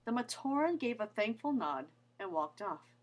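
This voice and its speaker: A woman narrating a story in an even, descriptive reading. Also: on the high side, normal speed, muffled recording.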